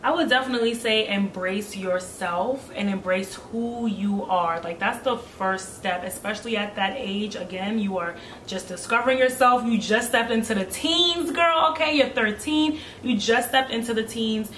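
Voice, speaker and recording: Twenties woman guest from Brooklyn, higher voice, blunt and lively, echoey room. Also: normal speed, far from the mic, a little hiss or hum. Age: 20s. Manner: animated, blunt and profane, laughing often. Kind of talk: casual chat.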